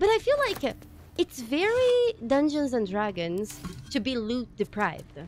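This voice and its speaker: A woman streaming a game live, reacting excitedly, swearing, and thanking viewers in casual chat. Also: sits high, takes it slowly. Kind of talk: live gameplay commentary.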